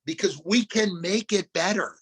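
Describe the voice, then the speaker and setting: An older man as a podcast guest, telling lively stories and quoting children he has worked with. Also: high voice, normal speed, husky. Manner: animated storyteller, quotes children. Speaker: guest speaker. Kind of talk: conversational podcast interview.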